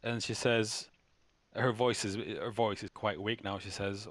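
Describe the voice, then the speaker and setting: A man narrating as game master, often halting and repeating words. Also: on the low side, fairly even intonation, no echo.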